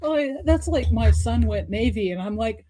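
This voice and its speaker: A middle-aged woman on a casual livestream chat, chiming in with amused quick remarks. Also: a little high, animated, dark tone, slight background noise. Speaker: panelist.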